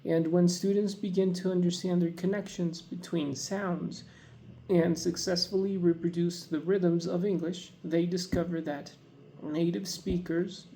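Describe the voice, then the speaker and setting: Gravelly, dark-voiced presenter. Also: mid-range voice, steady tone, a little slow, slight background noise, rough recording. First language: Spanish. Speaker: student moderator. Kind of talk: moderating a class presentation.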